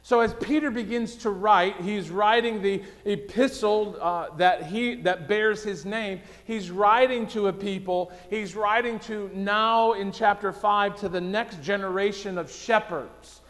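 A man preaching a sermon, telling a story and going quiet for the solemn parts. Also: sits high, unhurried, hardly any pauses. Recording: long hall reverb.

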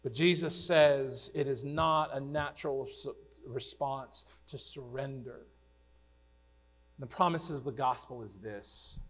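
A man preaching a sermon to his congregation, earnest and building to loud declamation when he quotes commands. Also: medium pitch, slow. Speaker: pastor.

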